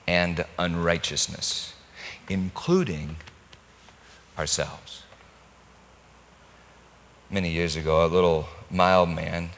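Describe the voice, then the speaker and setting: A man preaching a sermon, telling a story slowly and acting out quoted voices, sometimes rising to loud high-pitched pleading. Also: in a large hall.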